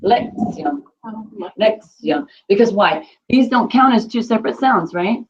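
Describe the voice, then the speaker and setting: A woman's voice: on the high side, moderate pace, dull audio. A woman teaching a Spanish class, patiently quizzing students and repeating their answers.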